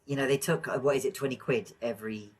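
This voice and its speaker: Husky man chatting. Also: mid-range voice, fairly even intonation, low-quality recording. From England. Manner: rambling, many fillers and restarts, quick to laugh. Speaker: podcast co-host. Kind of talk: casual chat.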